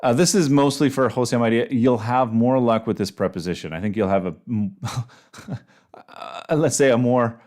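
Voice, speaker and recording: A man teaching an English class in a relaxed, chatty way, giving slang examples with a playful tone. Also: mid-range voice, moderate pace. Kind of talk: casual online English lesson.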